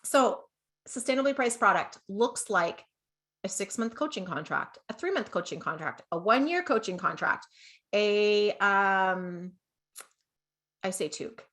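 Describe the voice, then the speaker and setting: A Canadian woman leads an online business masterclass in a mid-pitched, everyday voice. She talks in a chatty, upbeat way and keeps checking in with her listeners. She laughs at herself easily. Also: animated, a little slow, fairly bright tone. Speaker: business coach.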